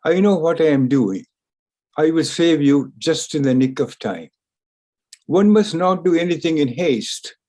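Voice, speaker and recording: A man voicing a cautious, clever male mouse who answers calmly and deliberately in a spoken story. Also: a little high. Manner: calm, measured, reasoning.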